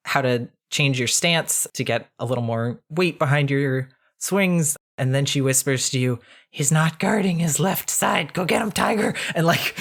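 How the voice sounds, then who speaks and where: A woman runs a tabletop game in a relaxed, chatty way, laughing often as she narrates. Her voice sits a little low. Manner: laughing, casual storytelling. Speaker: game master.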